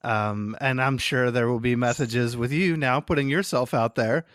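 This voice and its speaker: A man hosting a podcast interview, speaking gently and encouragingly to his guest. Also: mid-range voice, moderate pace, no echo, studio quality. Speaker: podcast host. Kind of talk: interview conversation.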